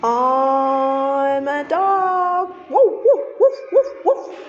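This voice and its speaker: A woman playing a friendly pet dog that explains itself to children in a slow, clear, sing-song teacher voice. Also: high voice, dull audio. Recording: reverberant room with steady noise.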